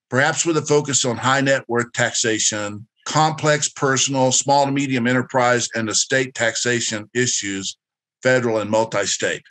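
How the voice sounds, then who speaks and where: A man's voice: medium pitch, pushed and bright. A man presenting a career workshop in a direct, instructive and encouraging way, drawing answers from participants. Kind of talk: interactive workshop lecture.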